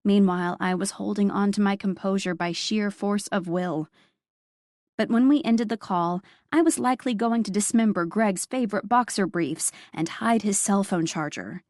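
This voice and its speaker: A woman reading a first-person audiobook in a wry, expressive storytelling manner. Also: mid-range voice, moderate pace, no room sound, clean studio sound. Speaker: audiobook narrator.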